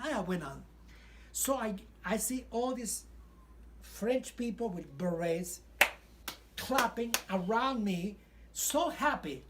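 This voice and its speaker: Older cuban guy with a spanish accent, telling old showbiz stories, really animated. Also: high-pitched, slow pace, pauses often, a little hiss or hum. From Cuba. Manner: animated, acts out quotes and sings snatches. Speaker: retired stage singer. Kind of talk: reminiscing storytelling.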